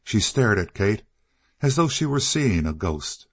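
A male narrator with a low, deep voice reads an old Western novel in a measured, steady way. The recording is dry and close, with no room sound. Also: husky, dry recording. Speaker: audiobook narrator. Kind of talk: scripted narration.

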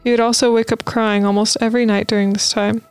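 A woman's voice: on the high side, little pitch movement, quick pace, a little mellow, clean tone, soft background music. A woman co-hosting a podcast, reading listener stories aloud in a casual, playful way with asides. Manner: reads posts aloud with playful asides and laughs.

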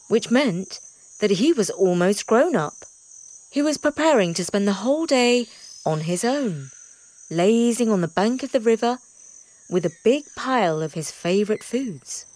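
A woman narrating a children's animal story in an expressive, lively storybook reading. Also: medium pitch.

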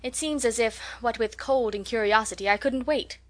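A woman reading aloud, voicing a lively, teasing schoolgirl in a higher, brighter voice. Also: fairly quick. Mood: eager. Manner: playful, mock-polite, high and bright.

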